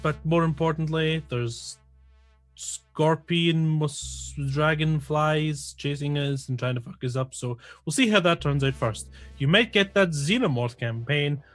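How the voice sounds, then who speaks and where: A man player introducing himself and his character in a relaxed, joking way. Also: on the high side, measured pace, soft background music. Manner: relaxed, joking, plugging the show. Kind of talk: casual chat.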